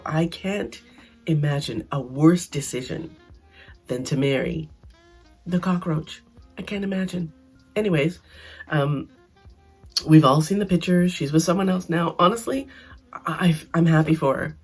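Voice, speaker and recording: A woman with a husky, slightly breathy voice recapping reality TV in a casual, blunt way. She sounds animated and sarcastic, and faint music plays behind her. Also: low-pitched, unhurried, long pauses. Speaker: reality TV commentator.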